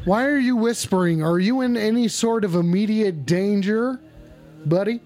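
A man with a high voice hosts a joke phone-in show, loud-mouthed and crude as he needles his callers. Soft music plays faintly behind him. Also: moderate pace. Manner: brash, profane, mocking. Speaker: host of a mock call-in show. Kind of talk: crude comedic streaming banter.

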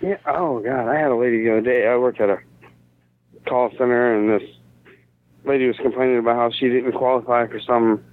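A man tells wry, rambling stories in a casual chat. His voice sits at a middle pitch and comes through thin and tinny, as if over a phone line. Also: fairly even intonation, brisk, slight background noise. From South Arkansas.

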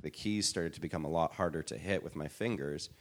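A man in his thirties from Canada, a podcast guest telling animated stories in casual chat and acting out what people said. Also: a bass voice, brisk. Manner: animated storyteller, acts out quotes. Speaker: podcast guest, improviser and pianist.

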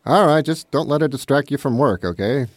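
A man voicing an offhand male coworker who chats in a relaxed way. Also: medium pitch, fairly quick, dry recording, close to an everyday voice. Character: casual male coworker at dispatch.

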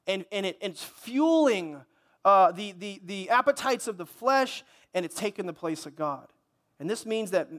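High-voiced male pastor, chatty sermon delivery, stumbles and restarts. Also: fairly bright tone. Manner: conversational preaching with repeated words and restarts. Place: church service.

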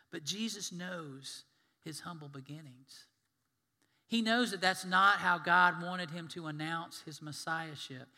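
A man preaching a sermon, animated and storytelling, acting out the scenes he describes. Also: high-pitched. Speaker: pastor. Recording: long hall reverb.

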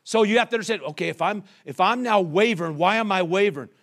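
A man serving as pastor preaches a sermon in a high-pitched, slightly bright voice at a quick pace. He fires off rhetorical questions, calls for the congregation's response in call-and-response style, and acts out the voices he quotes.

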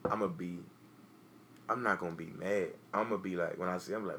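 A man's voice: low voice, steady tone, fairly quick, a bit bright, a little hiss or hum. A man co-hosting a casual podcast, talking bluntly, swearing freely and acting out what he would say. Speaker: podcast co-host. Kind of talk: casual chat.

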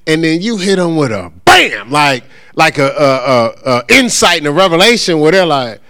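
A middle-aged man teaching a church congregation in a relaxed, conversational way, acting out the voices of churchgoers and checking in with his listeners. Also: on the high side, moderate pace, few pauses. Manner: animated, acts out voices of churchgoers and callers; conversational with frequent check-ins. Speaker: pastor teaching. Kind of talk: informal church teaching talk.

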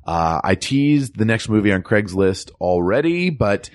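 A man co-hosting a casual movie podcast, relaxed and a little hesitant. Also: fairly low pitch, unhurried, no room sound, clean studio sound. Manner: lively, relaxed, hesitant with fillers. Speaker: podcast co-host.

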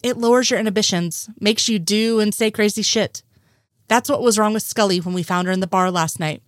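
A woman reading the lines of a nervous, innocent man, a little higher than her narration. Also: fairly quick, no room sound, studio quality, natural voice. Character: nervous, well-meaning male conspiracy nerd.

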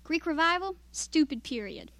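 A woman reading aloud, voicing a mild, friendly Midwestern man who talks low and subdued, nostalgic and quietly bitter. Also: very animated, normal speed, vocal fry, no echo, heavily acted.

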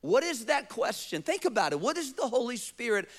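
A male pastor preaching a sermon, acting out quotes and asking rhetorical questions, sometimes dropping to a soft, close appeal. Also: very high voice, sing-song, a little fast.

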